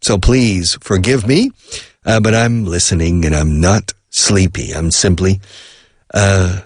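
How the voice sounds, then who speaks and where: A middle-aged man with a deep, slightly rough voice hosts a radio show while teaching English, speaking slowly and casually. He's chatty, drops in phrases and Spanish glosses, and laughs often. The studio sound is clean, with no room sound.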